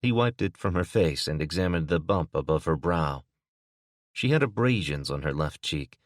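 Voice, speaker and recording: A man narrating an audiobook in a steady, even manner. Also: low voice, moderate pace, no room sound, studio quality. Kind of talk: scripted narration.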